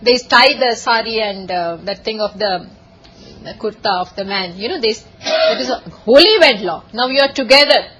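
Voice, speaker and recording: A woman giving a lively scripture lecture, telling stories and often laughing. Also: fairly high pitch, moderate pace, very noisy. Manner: animated storytelling, often laughing. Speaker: spiritual teacher.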